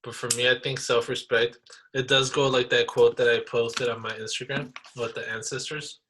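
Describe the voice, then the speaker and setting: A man's voice: mid-range voice, flat delivery, normal speed, bright, forceful tone, slight background noise, poor audio. A young man co-hosting a podcast, chatting casually in a laid-back, slangy way and laughing often. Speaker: podcast co-host. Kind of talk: casual chat.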